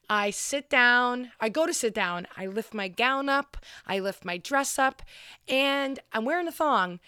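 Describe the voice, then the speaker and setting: A woman's voice: fairly high pitch, pushed and bright, smooth, dry recording, studio quality. A young woman telling a long story in casual, profane chat.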